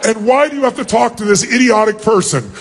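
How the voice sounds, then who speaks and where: A man leading a big seminar, loud and commanding, acting out quick little scenes for a large audience in an arena. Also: sits high, breathy edge. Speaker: motivational speaker.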